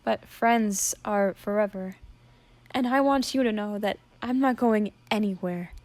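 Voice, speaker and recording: A woman's voice: mid-range voice, unhurried, dry recording, natural voice. A woman voicing a kind, reassuring young demon princess. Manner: reassuring, gently pleading.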